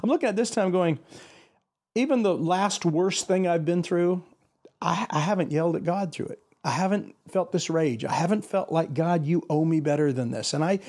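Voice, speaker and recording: Earnest older man, slightly high voice. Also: darkish tone. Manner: earnest, pauses and restarts while thinking aloud. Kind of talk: reflective faith conversation.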